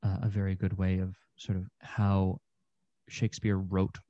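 A man's voice: low voice, completely flat delivery, a little slow, warm tone, no room sound, muffled recording. A young man, an actor and podcast guest, talking through ideas in a thoughtful, meandering way with many fillers. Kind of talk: casual conversation.

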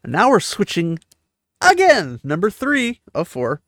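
A book series recap host gives a casual chapter recap, paraphrasing the text and breaking in with offhand asides between the reading. His voice sits high with wildly swooping pitch, a measured pace, and a fairly bright tone, in clean studio sound with no echo.

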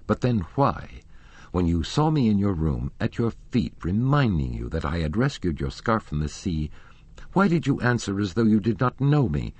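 A man's voice: low voice, big pitch swings, moderate pace, darkish tone, no room sound, exaggerated voice. Jealous young nobleman, read by a man. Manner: rough, accusing questions.

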